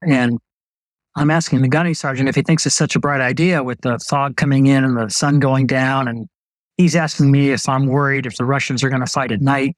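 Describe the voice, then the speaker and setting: An older man, a retired Navy doctor, telling stories as a guest in an interview, relaxed and anecdotal. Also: mid-range voice, fairly quick, no room sound, poor audio. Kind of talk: storytelling in an interview.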